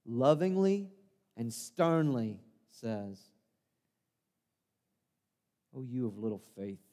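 A man's voice: on the low side, darkish tone. A man performing a first-person monologue as the disciple Peter, an impulsive, earnest fisherman, telling his story in a conversational, self-deprecating way in a church sanctuary. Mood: gripping. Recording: long reverb of a church hall.

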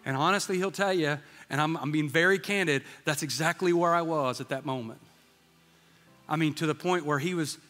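A man's voice: fairly high pitch, brisk, fairly bright tone, big-room sound, faint music behind. A man in his fifties preaching a sermon, telling a candid story and acting out the dialogue. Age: 50s. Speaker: pastor. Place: church sanctuary.

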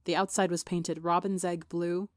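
A woman with a slightly gravelly voice, narrating a fan fiction story in a steady audiobook reading. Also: on the low side, normal speed, no room sound, studio quality. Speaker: podcast fiction reader.

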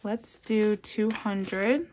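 Soft-spoken woman counting cash aloud. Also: drawn-out words, noisy background. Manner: counts bills aloud in a soft, low murmur; chatty and upbeat between counts. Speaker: budgeting vlogger. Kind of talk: casual cash-stuffing vlog.

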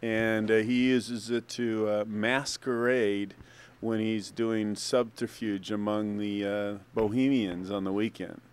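A man on the street giving a deadpan, mock-serious made-up answer. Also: lowish voice, slow, slight background noise. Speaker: passer-by interviewee. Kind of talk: casual street interview.

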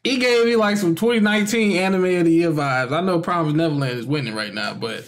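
A young man co-hosting an anime reaction channel, chatting casually in slangy, excitable bursts. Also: on the high side. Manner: slangy, excitable, quick asides.

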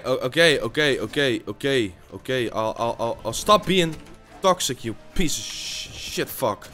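A man's voice: mid-range voice, lively intonation, a little slow, fairly bright tone, soft background music. A man giving live gameplay commentary, swearing constantly and raging at his opponents, often stammering and repeating himself. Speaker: gaming YouTuber.

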